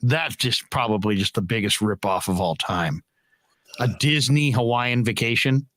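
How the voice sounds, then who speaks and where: Middle-aged male host, bright storyteller, very dry close mic. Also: mid-range voice, moderate pace, no room sound. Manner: storytelling, animated, swears freely. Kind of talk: casual podcast chat.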